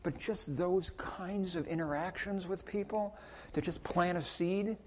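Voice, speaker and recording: Male preacher, fairly high voice, animated sermon delivery that voices both sides of little exchanges, recorded in a sanctuary. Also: a little slow, slight background noise. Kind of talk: sermon with prayer. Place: church sanctuary.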